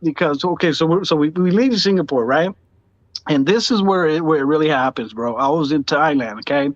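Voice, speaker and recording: A man's voice: on the high side, a little fast, dry recording. Male podcast guest, raised voice, laid-back slangy storyteller, muffled dry track. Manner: slangy, peppers talk with "dude" and "bro". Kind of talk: casual storytelling. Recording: dull, dry lo-fi sound.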